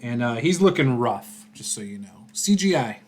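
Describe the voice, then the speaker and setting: A game master running a tabletop game session, describing events and giving rulings in a calm, matter-of-fact way. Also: medium pitch, moderate pace.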